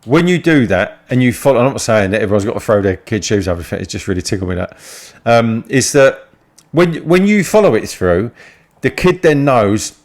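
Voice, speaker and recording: A man's voice: mid-range voice, big pitch swings, fairly quick. An older man, chatting casually and telling sweary stories about raising kids. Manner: sweary, storytelling, laughs at his own tales. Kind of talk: casual chat.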